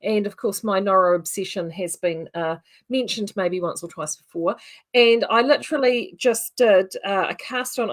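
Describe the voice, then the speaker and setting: A woman with a New Zealand accent hosting a casual livestream, chatty and rambling with many fillers. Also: medium pitch. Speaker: yarn shop host.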